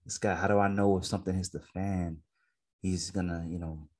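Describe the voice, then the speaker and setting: A man's voice: low-pitched, brisk. A man co-hosting a casual podcast, talking emphatically and asking lots of rhetorical questions. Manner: emphatic, animated storytelling with frequent rhetorical questions. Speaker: podcast co-host.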